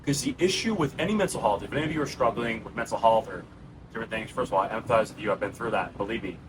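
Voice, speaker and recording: A man in his thirties with a New York accent talks straight to the camera for his channel in a raw, personal monologue, addressing viewers as "bro" and "guys." He's earnest and casual. His voice is fairly low and very fast, with noise in the background.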